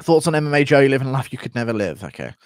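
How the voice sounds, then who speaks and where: A man's voice: medium pitch, big pitch swings, very fast, no echo, clean studio sound. Crude, joking male streamer. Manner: crude, profane, joking banter while reading donations. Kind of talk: casual live-stream chat.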